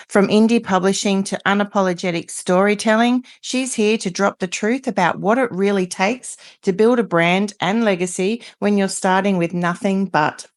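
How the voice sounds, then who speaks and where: A woman hosting a podcast, introducing her guest in an upbeat, punchy way. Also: medium pitch. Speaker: podcast host. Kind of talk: scripted guest introduction and casual interview.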